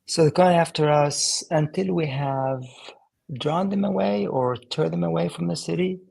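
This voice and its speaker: Husky, gravelly man reading haltingly. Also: fairly high pitch, darkish tone, poor audio. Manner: halting, translating on the fly. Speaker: co-reader in a study group. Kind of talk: live Bible-reading discussion.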